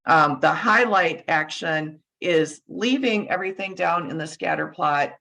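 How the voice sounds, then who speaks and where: Bright-voiced woman losing her voice. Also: on the low side, gravelly, low-quality recording. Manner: halting, many fillers and restarts. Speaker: user group presenter. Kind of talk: screen-share software demo.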